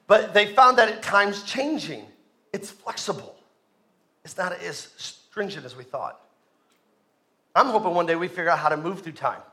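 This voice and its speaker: A man preaching a sermon to a congregation, joking and animated, often asking the room to respond. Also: high voice. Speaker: pastor. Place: church sanctuary with congregation.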